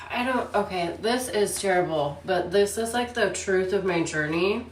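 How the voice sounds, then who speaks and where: A woman vlogging casually about her days, tired and out of breath, speaking softly. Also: mid-range voice, reverberant, far from the mic, a little hiss or hum. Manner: weary, speaking softly and slowly. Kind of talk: casual personal vlog. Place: hospital room, then home.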